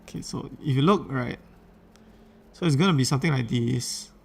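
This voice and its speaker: A man's voice: mid-range voice, normal speed, creaky, breathy edge. A man streaming live, chatting casually while fumbling with his settings and repeating himself. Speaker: livestreamer. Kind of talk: casual livestream chat.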